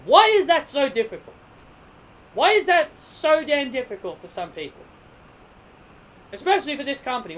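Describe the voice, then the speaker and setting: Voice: high-pitched, a little hiss or hum. A wrestling show reviewer talking casually, who keeps correcting themselves and builds into emphatic rants. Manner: animated, gets heated and emphatic in rants; self-correcting, sidetracked chatter.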